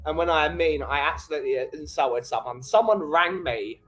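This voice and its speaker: A man's voice: a little high, normal speed, fairly bright tone, low-quality recording. A man who runs a small coffee company, chatting casually on a livestream and greeting viewers in the chat by name. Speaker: coffee shop owner and livestream host.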